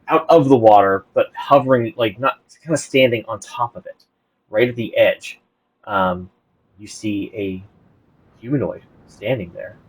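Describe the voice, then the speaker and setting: A man narrating as game master of a tabletop game, halting with many fillers and restarts. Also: fairly low pitch, breathy edge, poor audio.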